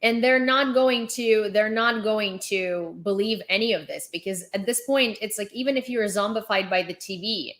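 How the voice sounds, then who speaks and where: A woman's voice: medium pitch, moderate pace, hardly any pauses. A young adult woman livestreaming casual commentary on the news. She talks in a chatty, sarcastic way, with lots of fillers and restarts.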